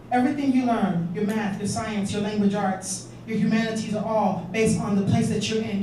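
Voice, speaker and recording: A woman's voice: fairly high pitch, dark tone, a little hiss or hum. Woman speaking in an echoey hall. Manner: earnest, urging, asks the audience questions. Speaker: conference speaker. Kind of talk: public speech to an audience. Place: conference hall. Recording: echoey hall, distant mic.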